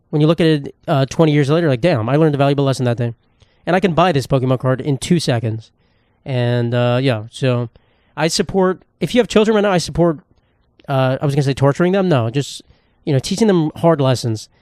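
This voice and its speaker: A man's voice: on the high side, a little mellow, no echo. A man in his twenties hosting a casual solo podcast, rambling and swearing, with sarcastic asides and a dry throat. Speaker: podcast host.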